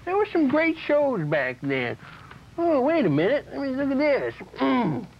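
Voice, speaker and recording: A man's voice: extremely high pitch, huge pitch swings, unhurried, creaky. A man performing a comedic sketch intro, hesitant and fumbling with fillers. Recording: lo-fi 1990s cable tape with faint hiss.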